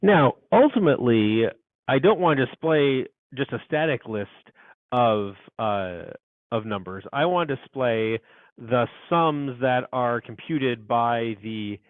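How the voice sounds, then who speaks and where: A man's voice: medium pitch, animated, takes it slowly, no room sound, phone-quality sound. A man teaching a programming class, thinking aloud as he codes and muttering asides to himself. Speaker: university instructor. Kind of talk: live coding lecture.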